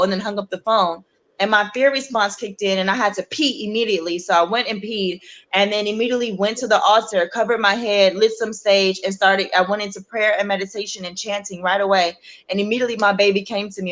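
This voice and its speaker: A woman's voice: medium pitch, steady tone, brisk, a bit bright. A woman speaking as a guest in a conversation, telling a personal story in an earnest, emotional way. She uses many casual fillers and acts out what people said. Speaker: interview guest, bereaved mother.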